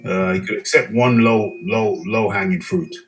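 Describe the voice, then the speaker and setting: A man's voice: fairly low pitch, moderate pace, faint music behind, low-quality recording. A man hosting a live boxing chat show, musing casually and reading out viewer comments. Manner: relaxed, musing, reads viewer comments aloud.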